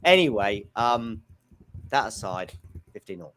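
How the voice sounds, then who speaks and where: A man's voice: lowish voice, lively intonation, a little slow, a bit bright. A man hosting a live tennis watchalong, chatting casually and rambling into jokey anecdotes. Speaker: podcast host. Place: home in Lisbon.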